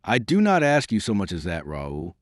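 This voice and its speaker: A man's voice: on the low side, wildly swooping pitch, moderate pace, no room sound, clean studio sound. A man voicing a desperate, devoted young woman, pleading through tears in an audiobook reading. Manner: pleading, emotional.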